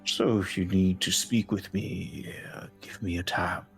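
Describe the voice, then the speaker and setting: A low, measured voice for an ancient lord of stone, as a game master puts him on. He talks with formal calm, like a neutral party keeping his distance. Soft music plays behind him. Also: gravelly.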